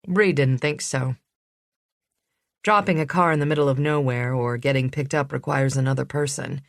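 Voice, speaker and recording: Low-voiced woman narrating an audiobook. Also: no room sound, clean studio sound. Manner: even, measured reading. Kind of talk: scripted narration.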